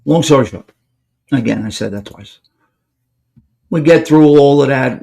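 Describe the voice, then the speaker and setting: Brief: gravelly New man, podcast host, spins a story and acts out every line of talk. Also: mid-range voice, measured pace, pauses often. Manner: animated storyteller acting out quoted dialogue. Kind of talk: casual storytelling.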